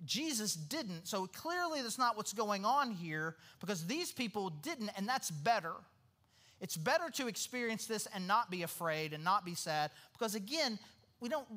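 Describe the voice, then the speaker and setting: A man's voice: sits high, bright, forceful tone. A man preaching a sermon in a loose, conversational manner. He drifts into a casual, everyday voice when acting out quotes. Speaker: pastor.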